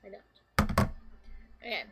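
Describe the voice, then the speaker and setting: A woman's voice: takes it slowly, over loud music. A woman streaming a video game live, rambling to her chat with lots of fillers. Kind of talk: live gameplay commentary.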